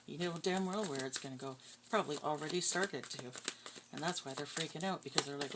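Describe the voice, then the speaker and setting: A woman with a very low voice reads tarot in a blunt, profane, scornful way. Loud shuffling and crinkling of cards runs behind her voice. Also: brisk, heavy background noise. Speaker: tarot reader. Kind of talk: casual tarot reading.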